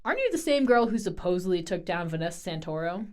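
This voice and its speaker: A woman's voice: big pitch swings, fast talker. Woman reading as vain, scheming young woman. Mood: mocking. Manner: mocking, snippy, higher voice. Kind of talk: reading a book aloud.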